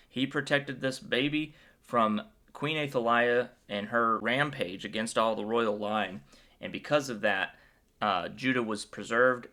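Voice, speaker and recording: Guy doing a chill bible breakdown, bright clear voice, jokey and upbeat. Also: medium pitch. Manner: playful and joking; upbeat and enthusiastic. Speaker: Bible video host. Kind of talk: casual Bible commentary.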